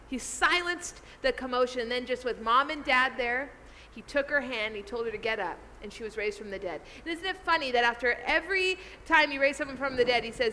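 A woman pastor giving a lively, conversational sermon, talking to the congregation in a church hall. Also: high voice, a little fast, a little hiss or hum. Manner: animated, conversational preaching.

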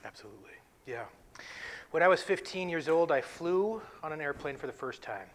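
A man from North Dakota co-hosting a faith-based talk, telling a story with lively voice play and frequent laughs. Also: fairly high pitch, normal speed. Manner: animated storyteller, laughs often. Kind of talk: faith-based podcast chat.

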